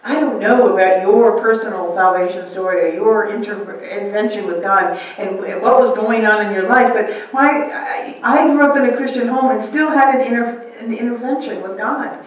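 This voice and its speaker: A woman pastor preaches a sermon in a conversational way, asking the room questions and acting out quotes in other voices. Her voice sits at a middle pitch for a woman. It rings through a very echoey church, picked up from some distance. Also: normal speed, few pauses, dull audio. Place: church sanctuary.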